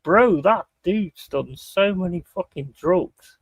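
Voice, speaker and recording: A man's voice: high-pitched, slow, slightly rough, dry recording. A man hosting a casual chat, talking bluntly and swearing freely. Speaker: podcast host.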